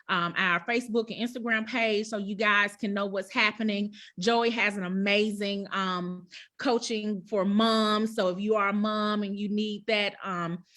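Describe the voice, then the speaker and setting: A woman host with a bright, forceful voice and a middle pitch, speaking over a video call. She talks in an effusive, preacherly way, calling her viewers y'all, and ends the stream with blessings and prayer. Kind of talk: live-stream talk and closing prayer.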